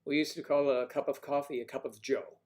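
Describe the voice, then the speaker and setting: Male stream host, mid-pitched, loose and jokey, reads out viewer names and riffs on them. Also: fairly even intonation, a little fast, a little mellow. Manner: playful, jokey, riffing on viewers' names and places. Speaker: livestream host. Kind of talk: casual chat reading viewer comments.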